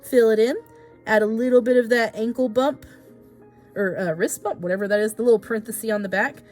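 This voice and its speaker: Woman, art teacher, casual step-by-step drawing tutorial, patient, voice on the higher side. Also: fairly even intonation, brisk, a little mellow, faint music behind. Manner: patient, explains each stroke, casual asides.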